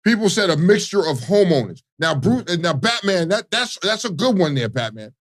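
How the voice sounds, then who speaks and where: A man with a Baltimore accent talks loosely and profanely in casual morning-show banter. His voice sits a touch higher than most men's. He keeps checking in with his listener as he goes. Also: big pitch swings, fairly quick. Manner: laid-back, profane, keeps asking "you know what I mean". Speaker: radio co-host.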